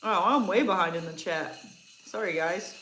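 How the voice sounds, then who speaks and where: A woman's voice: fairly low pitch, normal speed, a bit bright. A woman co-hosting a casual farm livestream, chatting and reading viewer comments aloud. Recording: echoey room with faint noise.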